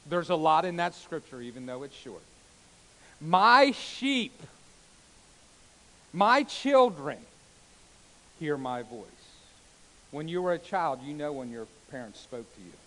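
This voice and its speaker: A man preaching a sermon as a pastor, swinging between loud exclamations and hushed soft passages, with calls of amen and hallelujah. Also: medium pitch, moderate pace, rough recording. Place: church sanctuary.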